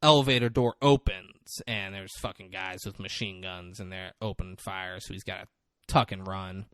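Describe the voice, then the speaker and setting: A man's voice: sits low, fairly even intonation, moderate pace, a bit bright, dry recording, studio quality. A man co-hosting a podcast, casually retelling a film scene and acting out the characters' lines. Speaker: podcast co-host. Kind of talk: casual movie recap chat.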